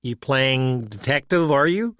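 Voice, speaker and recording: A man's voice: mid-range voice, expressive, a little slow, fairly bright tone, smooth, dry recording, studio quality. A man voicing a smug young male motel clerk who talks down with a grin. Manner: condescending, grinning.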